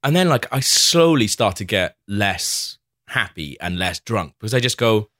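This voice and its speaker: Animated man telling a story. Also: lowish voice, moderate pace, no room sound, clean studio sound. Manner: animated anecdote-telling, laughs often, acts out quotes. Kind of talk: casual chat, storytelling.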